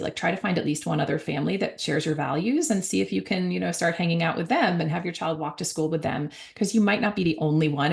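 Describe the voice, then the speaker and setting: A middle-aged woman giving a conversational talk on parenting as an author and guest speaker, with frequent fillers and self-corrections. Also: creaky. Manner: acts out parent and child voices at a higher pitch.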